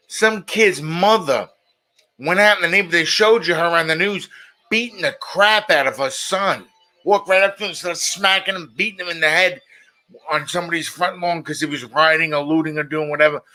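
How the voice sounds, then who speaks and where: Blunt, bright-voiced middle-aged man. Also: a little high. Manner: blunt, opinionated, repeats himself. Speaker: show host. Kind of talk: casual monologue.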